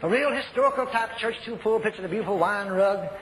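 An older man preaching a sermon, telling folksy stories and shouting commands. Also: high voice, fast. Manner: folksy storytelling, shouts commands, repeats phrases. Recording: echoey hall, faint noise.

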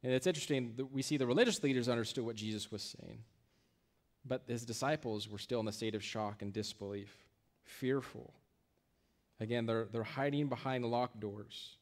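A man's voice: mid-range voice, moderate pace. A male pastor preaching a sermon in a conversational way, often restarting phrases and checking in with "right?".

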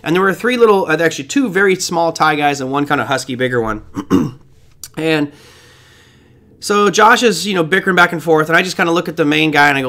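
A man's voice: a little high, animated, a little fast, pushed and bright. A man hosting a trading show, giving casual market commentary in a rambling, conversational way with side stories.

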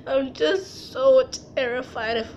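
A young woman crying as she talks in a confessional vlog, halting and rambling, stumbling over her words. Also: high voice, fairly even intonation, a little mellow, slight background noise. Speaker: vlogger.

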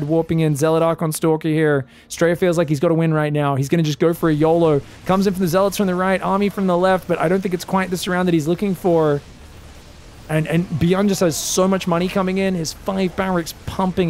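A man casting a live esports match, excitable and joking, shouting out at big plays. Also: sits high, a little hiss or hum. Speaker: esports caster. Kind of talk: live game commentary.

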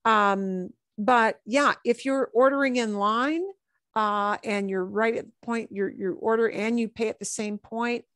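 A woman's voice: a little high, steady tone, measured pace, fairly bright tone, no room sound, studio quality. A middle-aged woman teaching a Spanish class over a video call, chatty, slipping Spanish phrases into her English explanations. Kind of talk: online class lesson.

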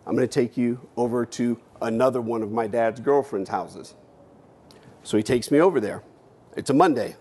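A man's voice: medium pitch, expressive, moderate pace, husky. Dramatic man telling a personal story. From United States. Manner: dramatic, swings between hushed and emphatic, acts out his own past lines; blunt, with casual swearing. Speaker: keynote speaker. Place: stage at a university event.

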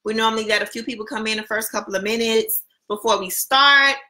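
Young woman co-host, casual chatty delivery, slightly high, bright tone. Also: a little fast. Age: young adult. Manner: relaxed, chatty, talks while eating. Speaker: podcast co-host. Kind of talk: casual live podcast chat.

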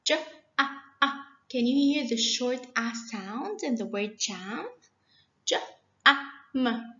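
Slow, patient woman teaching phonics. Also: fairly high pitch, expressive, pushed and bright. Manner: slow, patient, spells words out letter by letter. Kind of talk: children's phonics lesson. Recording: dull, lo-fi and echoey.

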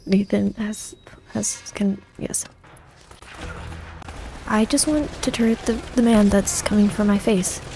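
A woman's voice: medium pitch, slow pace, gravelly, pauses often, warm tone, slight background noise. Panicky woman narrating a shooter game. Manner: panicky, self-mocking, repeats herself. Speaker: gaming streamer. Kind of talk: let's play commentary.

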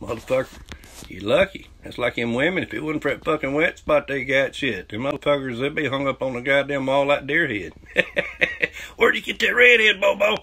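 A man's voice: mid-range voice, brisk, a bit bright, slightly rough, poor audio. A man with a Southern US accent telling a crude, boastful story, swearing constantly and breaking into laughter. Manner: profane, boastful, laughs often. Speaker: channel host telling a story.

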